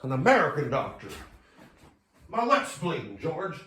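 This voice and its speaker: A man playing a frantic comedian patient who keeps slipping into loud, jumpy put-on voices. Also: huge pitch swings, measured pace, echoey room, distant mic, slight background noise, heavily acted. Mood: rattled. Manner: frantic, loud, jumping pitch and pace between put-on voices. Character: manic male comedian lurching between impressions.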